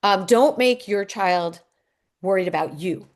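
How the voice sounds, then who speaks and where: A woman's voice: medium pitch, a little slow. A middle-aged woman, a divorce coach, giving a workshop talk and answering questions in an earnest, reassuring way, with many ums and restarts.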